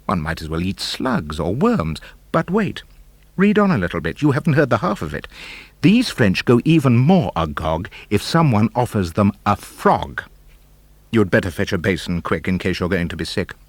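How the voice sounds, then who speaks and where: A man narrating a children's book of comic verse, animated, theatrical and rhythmic. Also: lowish voice, moderate pace, no echo. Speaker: audiobook narrator. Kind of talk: expressive storybook verse reading.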